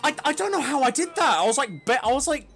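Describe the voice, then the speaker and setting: A man's voice: extremely high pitch, sing-song, fast talker, creaky, a bit bright. A man casually commenting on a video game as he streams it, swearing, exclaiming and laughing at what happens on screen. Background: game music.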